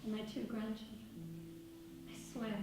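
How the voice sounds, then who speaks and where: A woman plays a grieving older father, distraught and tearful. The voice is high and slow, sounding far from the mic in an echoing space with music behind. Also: level tone, gravelly. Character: grieving wealthy older male father-in-law.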